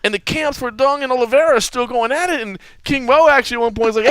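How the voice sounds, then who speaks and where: A male podcast host with a bright, forceful voice that comes across smooth and resonant. He talks casually and animatedly, often restarting his sentences. The sound is dry and close. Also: extremely high pitch, fast talker, hardly any pauses, no room sound. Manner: animated storytelling with many restarts. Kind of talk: casual sports chat.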